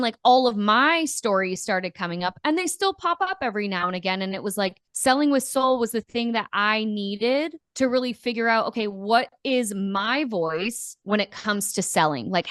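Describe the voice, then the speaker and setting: A young adult woman talks candidly as a beauty business coach, her voice sitting a little high. She strings her thoughts together with lots of "like", recorded dry and close. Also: fairly bright tone, no echo. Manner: candid, talks in quick runs with many "like"s. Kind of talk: casual interview chat.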